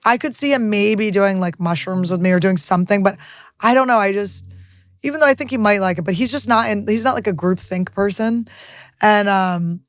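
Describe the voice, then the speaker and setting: A woman hosting a podcast, telling stories in crude, excitable casual chat on a close studio mic. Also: medium pitch, fairly quick, no echo. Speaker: podcast host.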